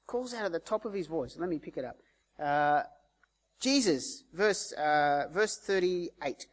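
A male preacher with a somewhat high voice. He talks through the sermon casually and conversationally. He slips into the voices of the people in the story as he tells it. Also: expressive, a little slow. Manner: conversational, acts out quoted voices. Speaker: pastor.

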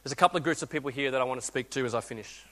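A man, a guest preacher telling a story in a sermon, swinging between loud urging and quiet intimate speech. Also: mid-range voice, racing, big-room sound. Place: church hall.

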